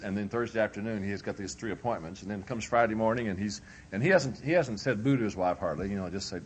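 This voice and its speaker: A man's voice: on the low side, a little hiss or hum. Folksy man lecturing on marriage. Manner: humorous, conversational, acts out both spouses. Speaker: preacher leading a marriage workshop.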